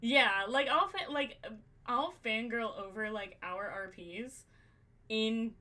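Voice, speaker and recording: Speaking slowly in a highish, bright, pushed voice, a woman hosting a podcast brainstorms casually. She curses without restraint and works through ideas aloud, leaning heavily on fillers.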